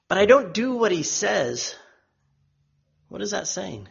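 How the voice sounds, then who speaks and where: A male preacher delivering a sermon with a husky, slightly raised voice. He swings between emphatic, pitched-up quotations and low, hushed warnings. The recording is dull and lo-fi. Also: animated, moderate pace, long pauses. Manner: emphatic, rises for quoted voices and drops low and quiet for solemn lines.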